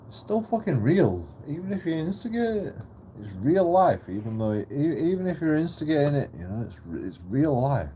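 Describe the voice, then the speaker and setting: A man's voice: fairly high pitch, big pitch swings, brisk, mellow, slight background noise. A man ranting profanely to camera in a repetitive monologue vlog. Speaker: channel host.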